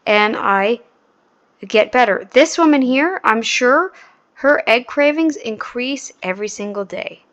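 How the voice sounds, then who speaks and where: A woman reacts to a clip in casual, mocking commentary. Her voice sits a little high, and she talks at an unhurried, drawn-out pace, full of sarcasm. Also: a bit bright. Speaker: reaction video host.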